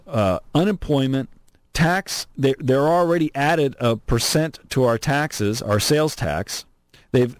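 A man hosting an opinionated political talk radio show from Southern California, animated, sarcastic and emphatic. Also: mid-range voice, no echo. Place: radio studio.

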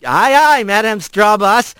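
A man's voice: high-pitched, animated, a little slow, sharp tone, smooth, no room sound, voice pushed up, exaggerated voice. A man voicing a cocky young male mouse adventurer who talks in gallant, mock-formal banter. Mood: jaunty.

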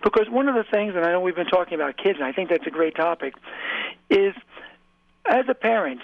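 A man speaks in an earnest, motivational way, stacking repeated phrases to drive points home. His voice sits a little high for a man. It comes through a tinny, phone-like line with no room sound. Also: animated, a little fast, creaky, no echo. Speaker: author and guest. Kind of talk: motivational interview talk.

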